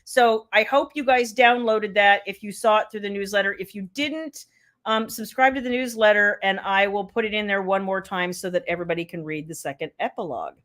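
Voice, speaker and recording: A woman's voice: mid-range voice, a little fast, fairly bright tone. A woman author hosting a casual live stream, chatting and teasing as she reads viewer comments aloud.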